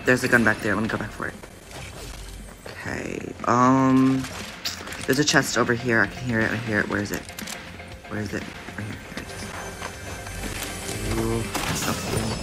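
A gaming video creator giving casual, excitable gameplay commentary, jumpy and prone to repeating panicked exclamations. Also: medium pitch, moderate pace, long pauses, over music.

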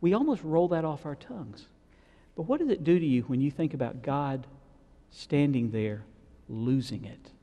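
Pastor guy preaching, mellow voice, long church echo, talks like he's just chatting with folks. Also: a little high, animated, moderate pace, dull audio. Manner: retells scripture conversationally, asking the congregation questions. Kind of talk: sermon. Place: church sanctuary.

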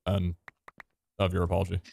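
A young man chatting while gaming with friends, with a dry, deadpan humor and mock-formal phrasing. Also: deep voice, brisk, vocal fry. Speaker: gamer. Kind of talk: casual gaming chat.

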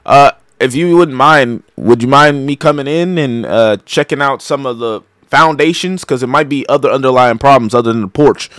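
A man's voice: medium pitch, normal speed, hardly any pauses, fairly bright tone, no room sound. Joking young man playing a game. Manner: joking, profane, improvises characters. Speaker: gaming streamer. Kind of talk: casual gameplay commentary.

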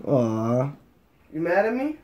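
A man's voice: fairly high pitch, huge pitch swings, slow pace, lo-fi sound. A man in a home video, a father teasing his small daughter in a playful, mock-apologetic way after rapping to her.

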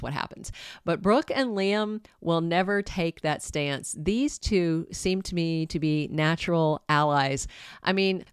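A woman's voice: lowish voice, clean tone, no room sound, studio quality. A woman chatting casually to her viewers, giving opinionated commentary on a soap opera.

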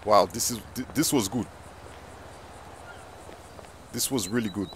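A man's voice: on the low side, measured pace, heavy background noise. A young man giving casual, rambling gameplay commentary, repeating himself and talking slang to his viewers. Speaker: gaming YouTuber.

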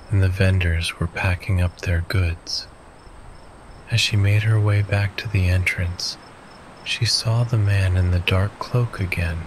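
Deep voiced guy doing a sleep story, real slow and calm, crickets faint in back. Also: noisy background. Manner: calm, soothing. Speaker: narrator. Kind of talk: soothing sleep story narration. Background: faint crickets and insects.

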